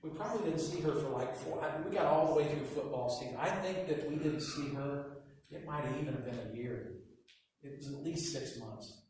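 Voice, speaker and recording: A man preaching a sermon as pastor, telling stories with quiet asides and loud emphatic bursts. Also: fairly high pitch, normal speed, a little hiss or hum. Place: church hall. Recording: echoey hall from far off.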